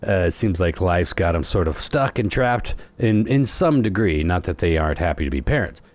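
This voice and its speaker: A man's voice: low voice, lively intonation, normal speed, darkish tone, no room sound. A middle-aged man hosting a podcast, telling stories in a rambling, laid-back way. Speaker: podcast host. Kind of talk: casual chat.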